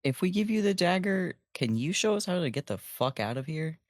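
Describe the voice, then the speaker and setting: A man's voice: high-pitched, sing-song, fairly quick, dry recording. Man playing a tabletop game, dry sound. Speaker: player. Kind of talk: casual tabletop game play.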